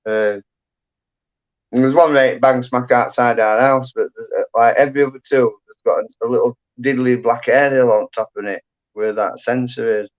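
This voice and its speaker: Man, livestream host, rambling casual chat, middle pitch, muffled lo-fi audio. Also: fairly even intonation, normal speed. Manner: rambling, chatty, full of fillers. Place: at home. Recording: dull lo-fi sound.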